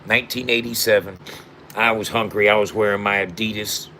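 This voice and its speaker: A man's voice: lowish voice, fairly even intonation, brisk, pushed and bright, slight background noise. Emotional, emphatic rapper in his fifties. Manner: emphatic, repetitive, street slang, emotional. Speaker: rapper and platform founder. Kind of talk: heartfelt direct-to-camera monologue.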